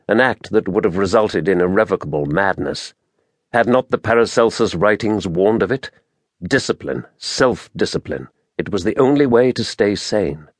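A man narrating a fantasy audiobook in a measured, dramatic storytelling manner, recorded close to the mic. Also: lowish voice, dry recording.

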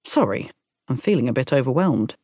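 A woman's voice: a bass voice, sing-song, fairly quick, a little mellow, breathy edge, dry recording, studio quality, exaggerated voice. A woman voicing a nervous, tender man in his forties who talks earnestly and apologetically.

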